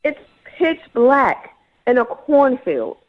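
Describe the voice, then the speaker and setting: A woman's voice: sits high, big pitch swings, takes it slowly, narrow, tinny audio. A woman calling in to a radio show, dramatic and indignant as she complains about a date. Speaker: caller. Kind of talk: upset phone-in call.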